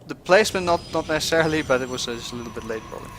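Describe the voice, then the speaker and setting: A man's voice: a little high, animated, very fast, a bit bright, slight background noise. A man giving casual commentary on a strategy game match, with lots of fillers, restarts and small chuckles. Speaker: game caster.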